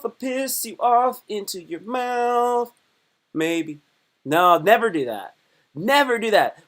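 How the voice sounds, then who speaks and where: A man live streaming, chatting casually and rambling, cutting himself off and joking as he talks to his viewers. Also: on the high side. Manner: rambling, self-interrupting, playful joking.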